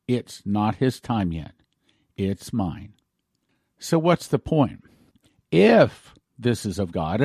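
A man, a pastor, preaching a sermon and reading scripture aloud with slow, solemn emphasis. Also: medium pitch, darkish tone, dry recording, clean studio sound.

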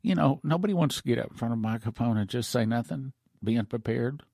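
A man's voice: medium pitch, quick pace, vocal fry, darkish tone, dry recording, clean studio sound. A male pastor giving an earnest, emotional sermon message for radio over a broadcast microphone.

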